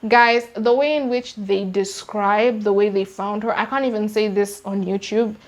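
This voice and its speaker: A young Kenyan woman with a Kenyan English accent recounting a true-crime case in an animated, slangy, emphatic way. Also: mid-range voice, normal speed. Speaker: YouTuber. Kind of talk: true-crime storytime vlog.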